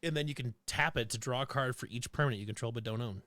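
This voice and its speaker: A man co-hosting a podcast in a relaxed way, reading card text aloud and joking around. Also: mid-range voice, fast talker, no echo, clean studio sound. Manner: laid-back, reads card text aloud, laughs often. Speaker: podcast co-host. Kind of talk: casual chat about card game deckbuilding.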